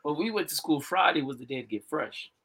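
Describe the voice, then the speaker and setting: A man co-hosting a podcast in casual chat, an animated storyteller who laughs often. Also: a little high, a little fast, gravelly, husky. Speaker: podcast co-host.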